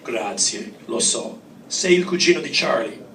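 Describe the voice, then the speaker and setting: A man reading aloud and voicing a flirtatious woman at a bar, in a low, sultry murmur, recorded from a distance in a roomy space with faint ambience. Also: expressive, moderate pace, fairly bright tone, slight background noise, close to an everyday voice.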